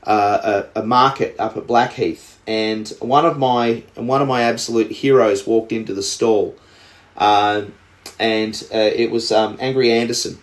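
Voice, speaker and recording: A man's voice: lowish voice, fairly even intonation, measured pace, echoey room. An Australian man co-hosting a podcast, telling a story in a rambling way with lots of restarts and fillers. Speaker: podcast co-host. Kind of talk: casual chat.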